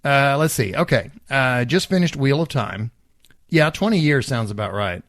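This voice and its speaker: A man's voice: medium pitch, expressive, normal speed, fairly bright tone, no echo, clean studio sound. Rambling man co-hosting a podcast. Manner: rambling, many fillers and restarts. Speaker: podcast co-host. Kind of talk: casual chat, reading listener letters.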